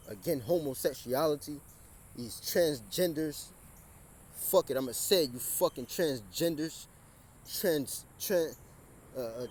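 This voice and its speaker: This man's voice sits on the high side with a slightly mellow quality. He preaches and reads scripture outdoors by a busy street, repeating himself, restarting his words clumsily, and getting louder to carry over the passing cars.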